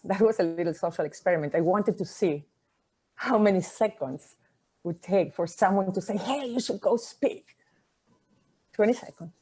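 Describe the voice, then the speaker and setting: A woman whose first language is not English, giving a personal talk, reflective and conversational, with pauses and soft endings. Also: on the low side, breathy edge. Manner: conversational fillers like "like" and "you know".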